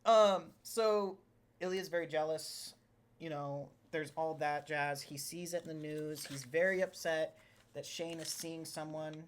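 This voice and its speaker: Low-pitched woman podcast cohost, excitable, laughs a lot, casual chat. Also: a little slow, slight background noise. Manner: excited, gushing, laughs often. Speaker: podcast co-host.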